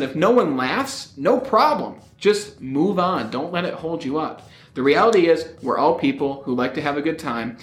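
A man teaching public speaking with lively, upbeat energy. His raised voice leaps and swoops across a wide range. He is recorded in an echoey room. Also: a little high. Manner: energetic, rising upbeat intonation. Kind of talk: upbeat motivational teaching to camera.

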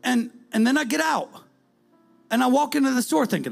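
A preacher with a high, gravelly voice. He delivers the sermon with lively swings between loud calls and hushed near-whispers. Soft music plays faintly behind him. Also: normal speed.

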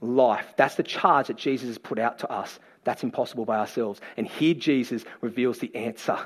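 A man preaching a sermon, telling the story in a lively, playful way and acting out the people in it. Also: medium pitch, normal speed, breathy edge. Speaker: pastor.

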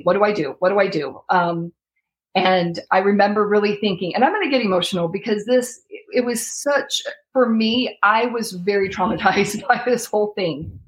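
A young adult woman, a guest in an interview, recounts a frightening ordeal in emotional, earnest storytelling that sometimes turns tearful. Her voice is mid-range and her speed normal.

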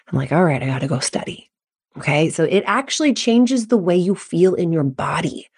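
A woman's voice: mid-range voice, a little mellow. A woman coach talking straight to parents in a casual podcast monologue, direct and chatty with plenty of "like" and "okay". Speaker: mental performance coach.

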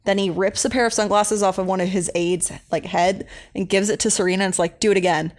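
A woman's voice: mid-range voice, fairly even intonation, brisk. Young woman co-hosting a podcast, rambly and chatty, lots of ums and likes. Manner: chatty, rambling, many fillers. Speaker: podcast co-host. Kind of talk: casual recap chat.

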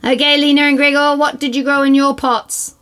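A woman telling a story to children, animated, gasping and asking the children questions as she goes. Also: sits high, a little fast. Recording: loud guitar music behind. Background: guitar music.

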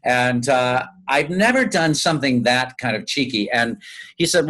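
Chatty, animated man telling stories. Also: medium pitch, unhurried. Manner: animated, laughing, chatty anecdotes. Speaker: stage actor, guest. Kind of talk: casual interview storytelling.

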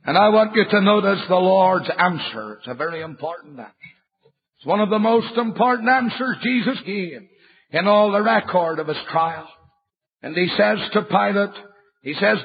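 A man preaching a fiery sermon, swinging from quiet words to shouted appeals. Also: sits high, expressive, moderate pace, breathy edge. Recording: dull recording in a reverberant hall.

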